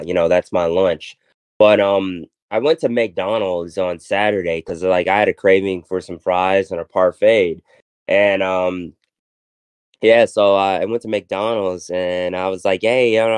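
A man's voice: sits low, clean tone, no room sound. A man hosting a casual podcast, telling rambling stories full of fillers and restarts. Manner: rambling storytelling with many fillers. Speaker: podcast host. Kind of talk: casual chat.

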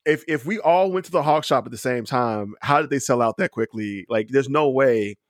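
A man's voice: mid-range voice, lively intonation, no echo. Sarcastic man telling a story, dry sound. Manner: sarcastic, fast storytelling with laughs. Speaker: podcast guest. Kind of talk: casual sports chat.

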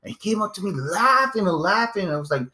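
A man telling stories in casual chat, swearing and acting out what people said. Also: fast. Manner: animated, swears, acts out quotes in a high voice.

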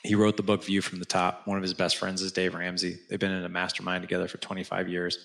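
A man's voice: low voice, quick pace, creaky. A man, a podcast guest, telling his story in a conversational way, acting out quoted dialogue with lots of restarts and "like" fillers. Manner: animated, acts out quoted dialogue. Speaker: podcast guest, founder of a fathers' organization.

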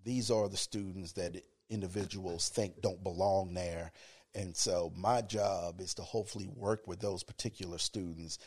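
There's a slight roughness to the deep radio voice of this man in his fifties. He's a college educator, reflecting calmly during a relaxed interview.

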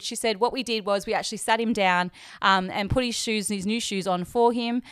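A woman's voice: fairly high pitch, fast, clear, resonant tone, no room sound, studio quality. A young Australian woman hosting a podcast, telling a personal story in a chatty, emotional way and acting out the people in it. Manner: chatty, emotional, quotes herself and others in lively voices. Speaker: podcast host. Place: hotel room.

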